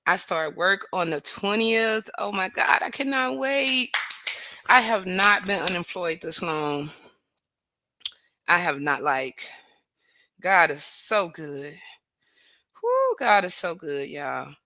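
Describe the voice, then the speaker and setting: A woman's voice: on the low side, very animated, slow, long pauses, bright, forceful tone, dry recording. A woman hosting a casual livestream, greeting viewers by name and praising God often. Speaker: livestream host.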